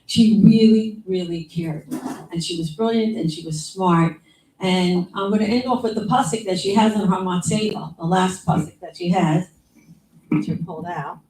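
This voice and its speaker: A woman's voice: fairly low pitch, normal speed, a little mellow, a little hiss or hum. Woman reminiscing in an echoey room. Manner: rambling, conversational, full of asides and quoted lines. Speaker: younger sister giving memorial remarks. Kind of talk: informal memorial talk. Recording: echoey room from some distance.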